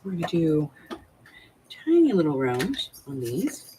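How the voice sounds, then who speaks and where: An older woman talks her way through a craft project step by step, in a relaxed, chatty tutorial manner. Her pitch moves around a lot as she goes. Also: measured pace, noisy background. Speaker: craft channel host.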